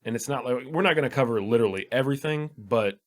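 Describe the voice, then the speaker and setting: A man's voice: medium pitch, quick pace. A young man co-hosting a casual film podcast, laid-back and rambling, swearing and laughing often. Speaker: podcast co-host.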